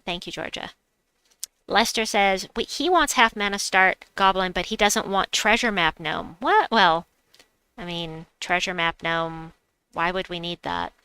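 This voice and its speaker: Bright, crisp-voiced woman streamer. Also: on the low side, unhurried, dry recording. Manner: chatty, giggly, self-mocking. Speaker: livestream gamer host. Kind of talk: casual live-stream chat, reading chat aloud.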